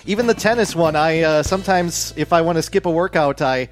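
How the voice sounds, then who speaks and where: A man chats as a panelist on a sports podcast, relaxed and a bit rambling with lots of fillers. His voice sits slightly high. Music plays clearly behind him. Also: a little fast. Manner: relaxed, rambling, self-deprecating. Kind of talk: casual podcast chat.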